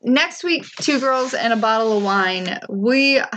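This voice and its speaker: A woman hosting a podcast, chatting casually about a TV show, laughing often and throwing in quick asides. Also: on the high side, lively intonation, a bit bright, a little hiss or hum. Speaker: podcast host. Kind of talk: casual chat recapping a TV show.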